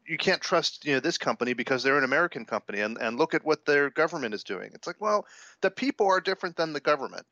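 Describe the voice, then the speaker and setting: A man's voice: medium pitch, pushed and bright. A male tech correspondent talking casually and a little ramblingly, voice in a middle range. His sound is dull and lo-fi, as if from a remote line. It is dry, with no room echo. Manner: easygoing, conversational, slightly rambling. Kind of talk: casual tech talk chat.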